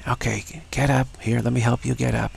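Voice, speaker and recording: A man voicing a mother who gently soothes and coaxes a frightened child. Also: mid-range voice, flat delivery, moderate pace, gravelly, slight background noise. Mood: soothing.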